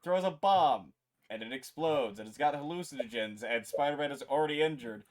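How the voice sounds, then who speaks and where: A man's voice: medium pitch, fairly quick. A man co-hosting a casual chat, animatedly retelling a story, swearing and acting out quotes. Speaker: podcast co-host.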